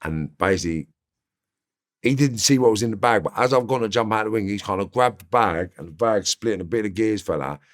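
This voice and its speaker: A man's voice: lowish voice, brisk. A man with a London accent, an interview guest telling stories casually in streetwise slang. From Northwest London. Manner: slangy, streetwise, animated when recounting. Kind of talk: casual storytelling.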